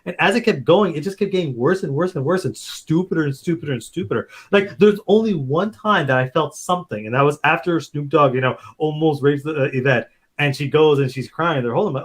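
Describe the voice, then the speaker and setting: Podcast co-host, mid pitch, blunt, sarcastic, profane, casual chat. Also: a little fast, hardly any pauses, breathy edge.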